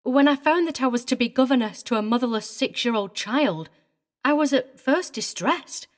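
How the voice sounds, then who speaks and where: A woman's voice: sits high, animated, moderate pace. A woman voicing a prim, tearful older female governess who speaks with fussy, indignant precision. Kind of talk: audiobook character reading.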